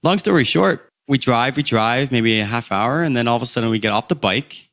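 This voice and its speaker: Animated man telling travel stories. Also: medium pitch, a little fast. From Philadelphia, USA. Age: 30s. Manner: animated storyteller who acts out the people in his tale, laughing at himself. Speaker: podcast guest. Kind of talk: travel storytelling in an interview.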